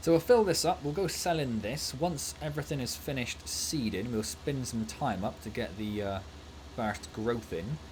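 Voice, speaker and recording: A man's voice: medium pitch, normal speed, darkish tone, slight background noise. A man streaming a farming game and chatting casually and jokily, laughing easily. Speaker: gaming streamer. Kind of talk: casual livestream gameplay chat.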